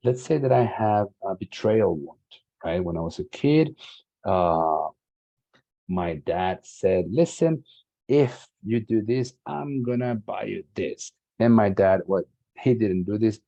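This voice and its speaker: Earnest 40s man from Latin America, speaker at an online summit. Very low, husky voice. Dull lo-fi video-call sound. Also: mellow. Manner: earnest, emphatic, repeats key words. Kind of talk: motivational talk.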